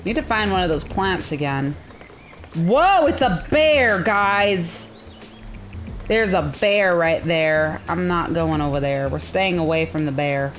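Female let's-play host, excitable and squealy; unhurried delivery, very lively pitch. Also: a little hiss or hum. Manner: excitable, squealing reactions, narrates her own moves. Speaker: gaming channel host. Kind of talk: let's-play game commentary.

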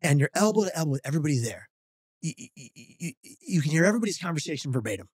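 A man's voice: a little high, very fast, husky, dry recording, clean studio sound. A man, a podcast guest telling a funny story with acted-out quotes. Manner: animated storyteller, acting out quotes.

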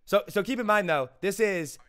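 A young man hosting a podcast interview, telling stories in an excitable, animated way. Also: high voice, smooth. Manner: excitable, storytelling, quick and animated. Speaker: podcast host. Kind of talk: casual interview chat.

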